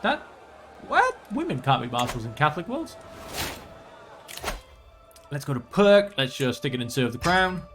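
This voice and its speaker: A man's voice: mid-range voice, sing-song, moderate pace, long pauses, fairly bright tone, faint music behind. A man hosting a let's play, commenting on a strategy game and slipping into mock-archaic, theatrical speech as his ruler. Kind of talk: gameplay commentary with role-play.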